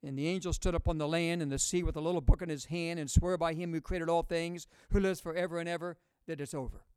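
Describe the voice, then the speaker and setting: Male pastor, high-pitched and clear, emphatic call-and-response sermon, dry close sound. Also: fairly even intonation, fast, darkish tone, no echo. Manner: booming rises on key words.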